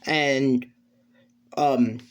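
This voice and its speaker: Male storyteller, improvised fan-fiction narration, halting, rambling, restarts. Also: mid-range voice, steady tone.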